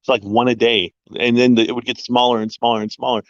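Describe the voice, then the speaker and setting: A man's voice: mid-range voice, level tone, quick pace, dry recording, muffled recording. A man co-hosting a livestream in casual chat, ranting and opinionated. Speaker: livestream co-host.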